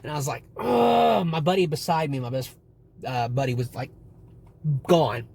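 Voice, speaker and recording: A man's voice: medium pitch, normal speed, slight background noise. Casual young man telling trip stories. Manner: rambling, swearing, animated retelling. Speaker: vlogger. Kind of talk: casual storytelling to camera.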